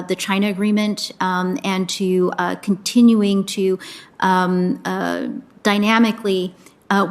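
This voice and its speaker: A woman testifying as a nominee at a confirmation hearing, answering slowly with many fillers. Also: medium pitch. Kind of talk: formal testimony.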